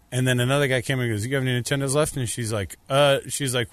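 A man's voice: medium pitch, brisk, dry recording. A man co-hosting a radio talk show, telling stories in a rambling way with frequent restarts. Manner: rambling storyteller with many restarts. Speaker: radio co-host. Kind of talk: casual radio chat.

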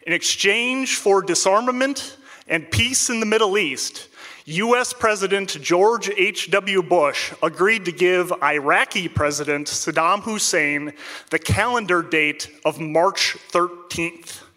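A man tells a personal story with wry, deadpan comic timing. His voice sits high and bright for a man, and a long hall reverb trails each phrase. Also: takes it slowly. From central Minnesota, United States.

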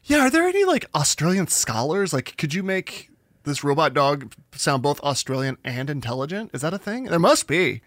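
A man's voice: fairly high pitch, sing-song, moderate pace, fairly bright tone, no echo, studio quality. A man co-hosting a podcast, talking in a casual, joking way and laughing often. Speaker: podcast co-host. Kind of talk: casual comedic chat.

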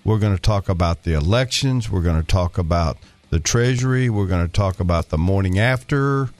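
A man's voice: sits low, lively intonation, fairly quick, darkish tone. An older man from Arkansas guest-hosting a talk radio show in a studio, rambling and folksy with many fillers. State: slightly out of breath.

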